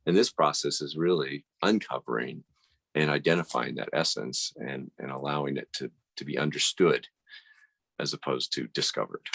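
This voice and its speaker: A man's voice: rumbling low, moderate pace, gravelly, fairly bright tone, no echo. A man talking as a podcast guest and coach, reflective, explaining through analogies with frequent restarts. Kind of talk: casual conversation.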